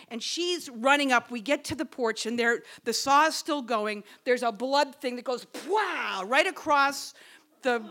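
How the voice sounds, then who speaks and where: A woman tells a story on a live stage before an audience, her voice bright and forceful. She is animated and swears freely, and she acts out every quoted line. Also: fairly high pitch.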